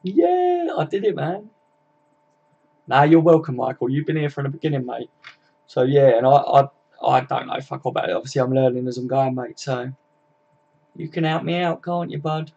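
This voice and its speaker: A man's voice: medium pitch, animated, moderate pace, warm tone, muffled recording. A tired young man chatting casually and swearing freely as he wraps up a football live stream.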